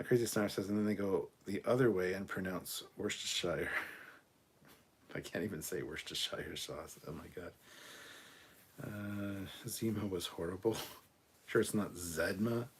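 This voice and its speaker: A man's voice: low-pitched, slightly rough. A man hosting a casual livestream, reading chat aloud, swearing often and laughing between remarks. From Canada.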